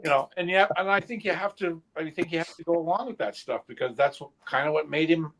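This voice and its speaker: A middle-aged man on a casual podcast, speaking in halting bursts with many restarts. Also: on the high side, fairly bright tone, slight background noise, poor audio. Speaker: podcast co-host, goalkeeper coach. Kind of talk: casual round-table chat.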